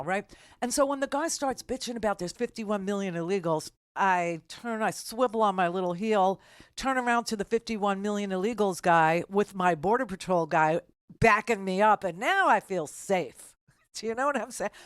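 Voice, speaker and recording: A woman's voice: mid-range voice, expressive, normal speed, no room sound, clean studio sound. An older woman hosting a political talk radio show, telling a story in a rambling, sarcastic way with many restarts.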